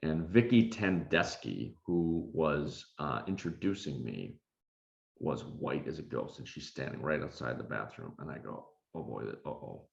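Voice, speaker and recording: A middle-aged man, a confidence coach, telling a self-deprecating story in an animated way with many fillers. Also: a bass voice, a little slow, gravelly. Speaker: confidence coach and keynote speaker. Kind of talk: storytelling talk. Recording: roomy, dull recording.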